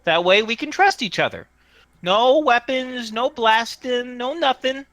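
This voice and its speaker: A man's voice: unhurried, a bit bright, no room sound. A man voicing a small, tinny-voiced stranger hiding in a tree who coaxes people to show their faces. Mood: coaxing. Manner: high tinny pleading voice.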